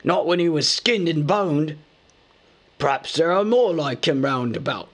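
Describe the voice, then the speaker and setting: A man's voice: a little high, lively intonation, a little slow, a bit bright, voice pushed up. A man voicing a cruel, quarrelsome male troll with coarse, slangy speech. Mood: menacing surly. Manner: coarse, slangy dialect talk.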